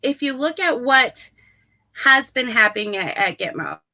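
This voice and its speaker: Woman cohost chatting politics, kinda high voice, real bright tone, earnest. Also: expressive, unhurried. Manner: earnest, hopeful, repeats "right?". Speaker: co-host. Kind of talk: casual political chat.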